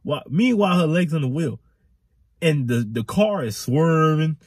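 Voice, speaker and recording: Animated young man telling a wild story. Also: on the high side, moderate pace, slightly rough, dry recording, studio quality. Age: young adult. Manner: animated, rambling, repetitive slang. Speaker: vlogger. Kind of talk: storytime vlog.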